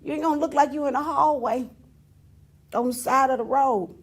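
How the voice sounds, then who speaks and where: A woman's voice: high voice, moderate pace. A woman talk show host, ranting to her viewers in a teasing, laughing way. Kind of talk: casual on-air rant to viewers.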